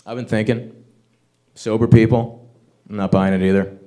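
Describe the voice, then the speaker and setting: A man's voice: on the low side, flat delivery, moderate pace, warm tone. Crude, swearing male stand-up comic. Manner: crude, swearing, punchy rants. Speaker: stand-up comedian. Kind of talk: stand-up set. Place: comedy open mic venue.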